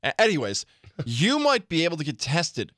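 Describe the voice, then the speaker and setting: Man, sports talk co-host, teasing, quick questions, animated pitch, dry studio sound. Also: dry recording. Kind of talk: casual chat.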